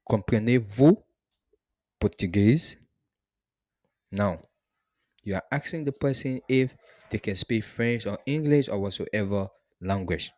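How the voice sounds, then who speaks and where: A man teaching beginner French, who says each phrase slowly and repeats it before explaining it. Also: on the low side. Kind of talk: beginner language lesson.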